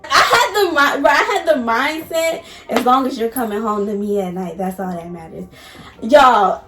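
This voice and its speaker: A woman vlogger telling a personal story in an animated, emphatic way, addressing viewers directly. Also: on the high side, moderate pace, roomy sound, soft background music. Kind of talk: casual storytime.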